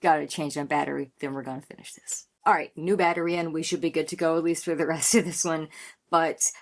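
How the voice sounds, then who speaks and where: A woman's voice: deep voice, steady tone, quick pace. A woman in her thirties hosting a music reaction video, chatting casually and effusively with lots of "like" fillers. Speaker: reaction channel host.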